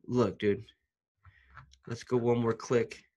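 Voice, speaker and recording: A man's voice: mid-range voice, slow pace, muffled recording. Fired-up slangy man vlogging. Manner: excited, slangy, lots of "dude" and restarts. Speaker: YouTuber. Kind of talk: casual vlog talk to camera.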